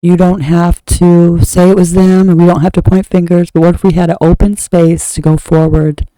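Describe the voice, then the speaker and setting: A woman from the United States with a very dark, mellow tone, talking bluntly in a rambling monologue. She often trails off and restarts mid-sentence. The sound is close and dry, with no room echo. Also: on the low side, little pitch movement, normal speed. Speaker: tarot reader. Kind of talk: opinionated spoken monologue.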